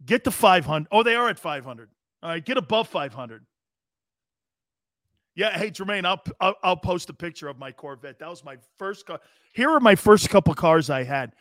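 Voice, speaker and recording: A man's voice: sits high, lively intonation, moderate pace, a bit bright, no echo, clean studio sound. A man in his fifties hosting a sports talk show, telling profane, laughing anecdotes in casual chat.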